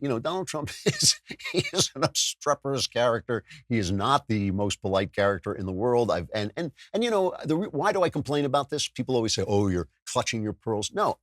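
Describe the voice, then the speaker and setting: A man's voice: slightly rough, dry recording, clean studio sound. A male podcast host delivering a wry, sardonic opinion monologue. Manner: wry, sardonic, with sudden jumps in pitch. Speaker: political commentary podcast host.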